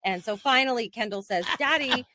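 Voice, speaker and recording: A woman, co-hosting a podcast as a casual, animated storyteller who laughs often. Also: on the high side, normal speed, a little hiss or hum. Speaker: podcast co-host. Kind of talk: casual chat.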